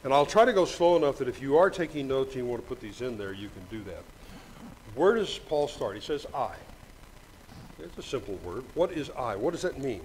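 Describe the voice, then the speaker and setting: A man's voice: medium pitch, very animated, darkish tone, slight background noise, poor audio. Older man preaching with folksy jokes. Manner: folksy, joking asides, reads scripture slowly. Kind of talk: sermon. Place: church sanctuary. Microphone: microphone with monitor.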